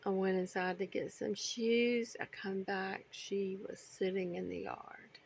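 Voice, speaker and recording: A middle-aged woman talks to her pet birds at an unhurried pace in cooing baby talk, often dropping into soft whispered asides. Her voice has a gravelly edge. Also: mid-range voice, fairly even intonation, a little hiss or hum. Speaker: bird owner.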